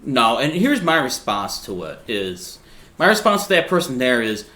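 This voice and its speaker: A man speaks as a guest on a faith podcast, his voice at a middle pitch. He answers earnestly and with firm conviction, and the room around him gives a noticeable echo. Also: big pitch swings, moderate pace, pushed and bright.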